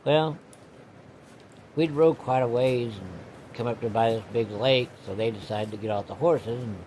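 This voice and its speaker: A man's voice: medium pitch, normal speed, a little mellow, a little hiss or hum. A man telling a rambling personal story in a folksy, casual way.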